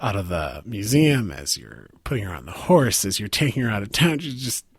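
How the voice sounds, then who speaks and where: A man running a tabletop game as game master, narrating scenes in a halting way with many restarts. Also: fairly low pitch, very animated, slightly rough, no echo. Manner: halting, full of fillers and restarts.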